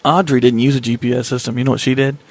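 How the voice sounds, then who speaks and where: A man's voice: mid-range voice, racing. A man hosting a casual talk show, telling a road-trip story with lots of laughter and acted-out quotes. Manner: animated storyteller, laughs often, acts out quotes. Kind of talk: casual group chat, storytelling.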